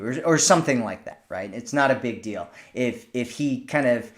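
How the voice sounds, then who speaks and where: A man of medium pitch talks through dating advice in a loose, conversational way. He repeats and restarts phrases as he goes, and acts out sample lines in a playful tone. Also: animated, moderate pace, few pauses. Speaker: dating coach. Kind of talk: casual advice monologue.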